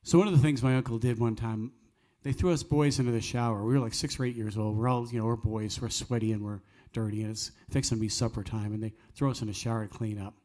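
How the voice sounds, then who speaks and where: Hosting a live cafe music night, a man tells stories earnestly and preaches with jokey asides in a folksy way. His medium-pitched voice is a little mellow, fast with few pauses, and fairly even in intonation.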